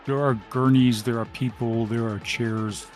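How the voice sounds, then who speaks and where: Male GM, mid-pitched, steady descriptive narration, faint music bed. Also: unhurried. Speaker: game master. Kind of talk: narrating a tabletop game.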